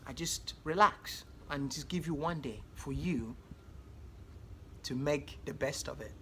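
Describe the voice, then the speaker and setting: A man voicing God as a gentle, fatherly male creator in a calm, reassuring way. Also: fairly high pitch, a little slow. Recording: loud background noise.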